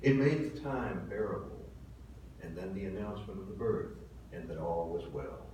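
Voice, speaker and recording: A man in his seventies, a pastor delivering a sermon, telling stories earnestly and swinging between soft and loud. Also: sits low, expressive, normal speed, recorded from a distance. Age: 70s. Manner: earnest storytelling, swelling and dropping in volume. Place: church sanctuary. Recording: very echoey hall from afar, faint hiss.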